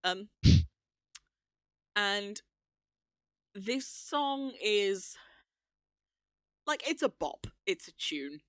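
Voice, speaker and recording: A woman's voice: mid-range voice, big pitch swings, very slow, long pauses, dry recording, clean studio sound. A young woman co-hosting a casual podcast, chatty and enthusiastic, laughing often. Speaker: podcast co-host. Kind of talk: casual chat.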